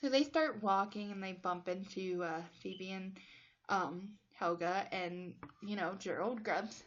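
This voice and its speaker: A woman's voice: mid-range voice, measured pace, fairly bright tone, muffled recording. A woman casually retelling a movie plot for her channel, chatty and emotional, with fillers and laughs, a bit stuffy from allergies. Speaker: movie reviewer.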